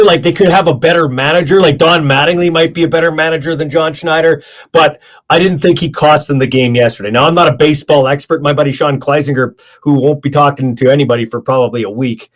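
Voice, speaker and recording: A middle-aged man hosting a casual sports talk show, opinionated and rambling with lots of fillers, sounding tired. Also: medium pitch. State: tired, yawning.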